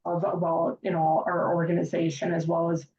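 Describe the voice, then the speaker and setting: A chatty woman tells stories casually as a podcast guest, her voice sitting a little low. She sounds distant from the mic, in a roomy, echoey space. The audio is somewhat dull. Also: completely flat delivery, normal speed, a little mellow, slight background noise. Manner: chatty, lots of filler phrases and laughs. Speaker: podcast guest, hockey fan. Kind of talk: casual storytelling.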